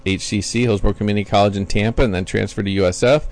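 A man's voice: on the low side, lively intonation, quick pace, darkish tone. A man in his forties, a former baseball player, talks as a podcast guest in a casual, rambling way with lots of fillers. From Florida, USA. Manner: chatty storyteller with many fillers and restarts. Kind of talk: casual interview chat.

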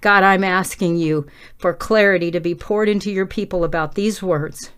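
A middle-aged woman leading a passionate prayer and sermon, pleading and fervent, rising toward shouting. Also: on the low side, steady tone, normal speed, clear, resonant tone. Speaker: preacher.

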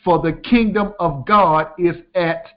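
A man's voice: a little high, steady tone, measured pace. A male preacher giving a sermon, emphatic and repeating his key lines for the listeners. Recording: dull lo-fi sound.

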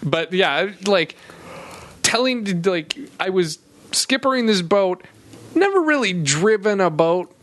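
A man's voice: sits high, big pitch swings, slow pace, fairly bright tone. A man co-hosting a comedy podcast, telling a travel story in a rambling, profane way with many restarts. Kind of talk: casual storytelling chat.

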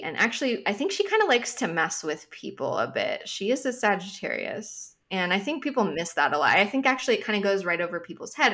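A woman's voice: lowish voice, fairly bright tone. A woman astrologer talking casually on a podcast, thoughtful and emphatic, with frequent hedging asides. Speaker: astrologer guest.

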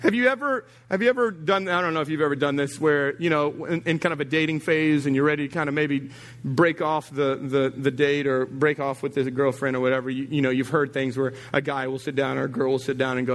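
A middle-aged man preaching a sermon as a pastor, teasing and animated, dropping low and quiet, then rising high and emphatic. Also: fast, in a large hall.

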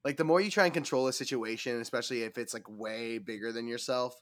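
A man's voice: medium pitch, quick pace, fairly bright tone, dry recording, studio quality. A man co-hosting a podcast about old films, chatting casually and candidly, thinking aloud and laughing often. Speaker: podcast co-host. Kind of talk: casual chat.

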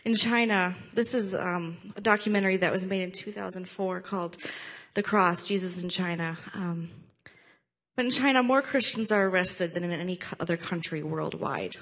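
A woman's voice: lowish voice, normal speed, a bit bright. Earnest woman hosting a prayer video. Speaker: host of a Christian prayer video. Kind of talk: casual reflective commentary.

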